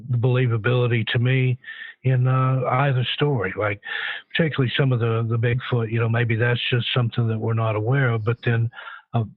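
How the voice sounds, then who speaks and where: This mid-range male voice belongs to a paranormal researcher from the Pacific Northwest of the United States, calling in as a guest on a radio show. He answers thoughtfully and hesitantly, using lots of fillers, over a tinny phone line with no room sound.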